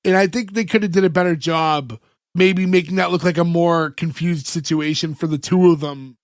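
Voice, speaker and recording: A man's voice: on the high side, fairly even intonation, normal speed, no room sound, studio quality. A man hosting a podcast, retelling scenes in casual chat and acting out the characters' lines. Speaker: podcast host recapping an episode.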